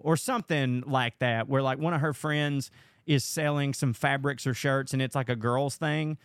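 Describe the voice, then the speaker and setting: A man's voice: medium pitch, fairly even intonation, moderate pace, smooth, no echo, clean studio sound. A young man hosting a podcast, rambling through a profane, casual monologue. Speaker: podcast host.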